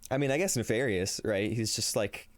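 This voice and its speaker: Speaking at a moderate pace in a lowish voice with no echo, this man is live-streaming and chatting casually with his audience. Despite sounding tired and slightly shaky, he stays upbeat, reads chat messages out loud, and laughs a lot.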